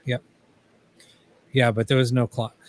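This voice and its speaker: A man's voice: mid-range voice, level tone, unhurried. A man, a paranormal investigator, casually telling a story as a guest, swearing freely and acting out the dialogue.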